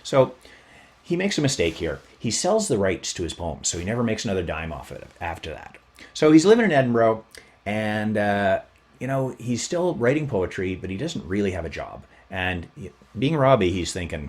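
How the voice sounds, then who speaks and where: A man's voice: on the low side, normal speed. A man hosting a podcast, telling a history story in a casual, chatty way and playing it up for fun. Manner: animated, chatty, plays up the story. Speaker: podcast host.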